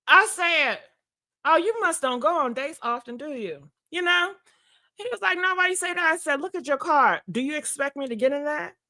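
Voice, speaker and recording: A woman's voice: fairly high pitch, bright, forceful tone. A woman hosting a podcast, telling dating stories in a sassy, frank, casual way, often calling listeners girl and honey and laughing. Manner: swears freely. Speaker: podcast host. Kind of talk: casual storytelling chat.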